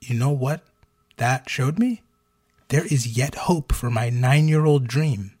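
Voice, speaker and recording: A man's voice: mid-range voice, lively intonation, slow, a little mellow, breathy edge. A man hosting a casual podcast, telling stories with jokes and many fillers. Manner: joking, storytelling, many fillers. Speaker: podcast host.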